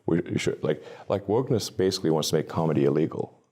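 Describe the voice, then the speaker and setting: A man answering an interview question, halting and hesitant, with many pauses and restarts. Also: very deep voice, lively intonation, warm tone. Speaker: interview guest.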